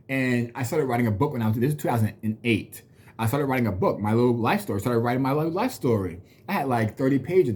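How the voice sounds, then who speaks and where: A man in his thirties, a vlogger, rants casually to camera while telling a personal story, venting bluntly with plenty of profanity and slipping into mocking quoted voices. His voice sits at a medium pitch, a little mellow, with a breathy edge.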